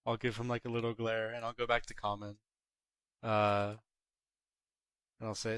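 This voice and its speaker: A man's voice: lowish voice, little pitch movement, slow pace, long pauses, a bit bright, smooth, no room sound. A man playing in a tabletop game, speaking hesitantly and thinking aloud. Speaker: player.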